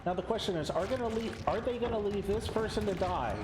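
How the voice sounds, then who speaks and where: A young man casting a competitive video game live, excitable, sometimes stumbling over his words. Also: high-pitched, quick pace, few pauses, reverberant, very noisy. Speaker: esports caster.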